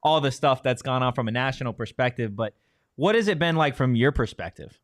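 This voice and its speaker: A relaxed male sports podcast host. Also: mid-range voice, brisk, no room sound, clean studio sound. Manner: relaxed, teasing banter. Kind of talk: casual sports show chat.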